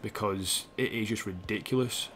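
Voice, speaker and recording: A man's voice: on the low side, moderate pace, fairly bright tone, slight background noise. A young man live-streaming a football game, rambling and opinionated, swearing freely as he plays. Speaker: gaming streamer.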